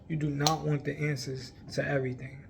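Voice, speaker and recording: A man's voice: fairly high pitch, level tone, a little fast, vocal fry, slight background noise. A man talking earnestly to his viewers about faith, pleading and repeating himself, with frequent laughs. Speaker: faith vlogger. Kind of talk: casual spiritual encouragement to camera.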